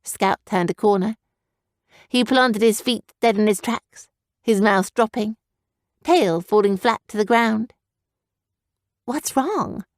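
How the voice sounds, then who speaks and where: Female audiobook narrator, steady storytelling, dry close-mic studio sound. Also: mid-range voice, measured pace, dry recording. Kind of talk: scripted narration.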